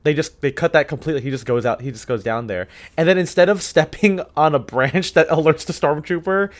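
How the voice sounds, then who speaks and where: A man co-hosting a podcast in casual chat, rambling and animated, dropping quick asides and quoting movie lines. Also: fairly high pitch. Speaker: podcast co-host.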